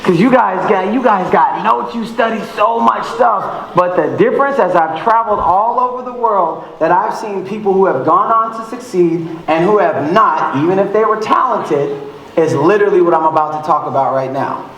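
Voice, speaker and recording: A man giving an energetic motivational talk on stage at an event, calling out to the crowd and acting out little scenes with sound effects. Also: high voice, normal speed. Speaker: motivational speaker. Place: large event hall. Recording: very echoey hall.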